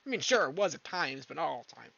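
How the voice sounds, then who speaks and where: A fairly high-pitched man rambles through a profane, casual rant while he streams a game, and he often trails off mid-thought. His voice comes through a dull, lo-fi mic. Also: very animated, fast, gravelly, bright, forceful tone.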